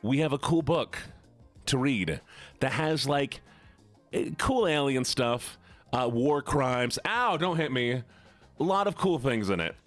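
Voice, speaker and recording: A man's voice: medium pitch, animated, measured pace, faint music behind. A man chatting casually and playfully with his viewers on a live stream, rambling from one thought to the next.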